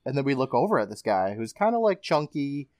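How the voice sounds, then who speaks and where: Male podcast host, animated, loose and profane storyteller, dry booth sound. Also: mid-range voice, fairly quick, no echo. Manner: laughing, swearing recap storyteller. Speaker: podcast host recapping an episode. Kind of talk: casual podcast chat.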